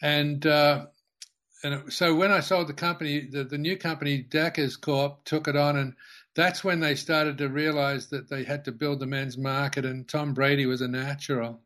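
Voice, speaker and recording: With a somewhat high, slightly bright voice and a flat delivery, an older company founder recounts a lengthy anecdote in an interview. He speaks haltingly, restarting frequently and leaning on fillers.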